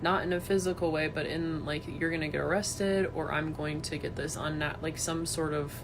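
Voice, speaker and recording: A woman's voice: sits low, steady tone, a little slow, pauses often, background noise. A woman ranting into her phone for social media, swearing, taunting and threatening someone, rambling with lots of fillers. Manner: filler-heavy, rambling speech. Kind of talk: angry unscripted social media rant.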